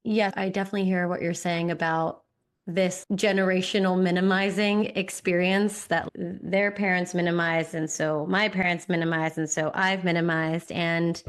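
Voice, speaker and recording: A woman co-hosting a podcast, a mother sharing a personal story in a gentle, soft-spoken way. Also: fairly low pitch.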